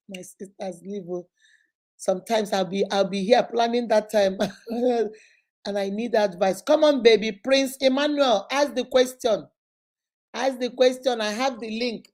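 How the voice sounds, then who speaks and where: Nigerian lady hosting a chatty live q&a, laughs a lot, kinda high mellow voice. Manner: lively, laughs often, mixes in pidgin. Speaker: host. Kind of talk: casual live Q&A chat and storytelling.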